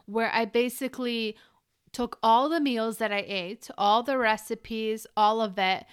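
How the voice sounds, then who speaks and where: Podcast host, woman, smooth clear voice, upbeat coaching chat, dry close mic. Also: a little high, steady tone, unhurried, no echo. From Ukrainian family. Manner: chatty and encouraging, talks straight to the listener. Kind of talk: solo podcast monologue.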